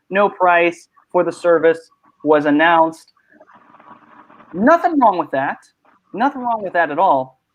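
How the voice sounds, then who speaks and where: A man hosting a casual online panel chat, talking in animated, rambling bursts. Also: on the high side. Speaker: host. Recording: muffled lo-fi mic.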